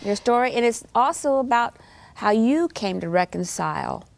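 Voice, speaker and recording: A woman hosting an interview, soft-spoken, answering her guest with steady murmurs of agreement and quiet amens. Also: on the high side, normal speed, gravelly. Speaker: host.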